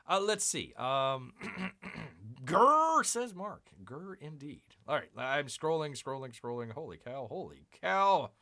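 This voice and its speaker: A man's voice: mid-range voice, bright, forceful tone. A man hosting a casual live stream, rambling and self-mocking as he unboxes comics and reads chat, calling himself Bear.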